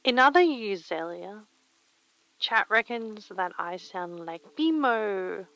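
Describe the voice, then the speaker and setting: Slow-talking woman chatting on stream. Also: mid-range voice, animated, vocal fry, dry recording, low-quality recording. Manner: chatty, reads chat aloud, drops to soft whispers to herself. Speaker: live streamer. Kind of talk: casual chat while crafting on stream.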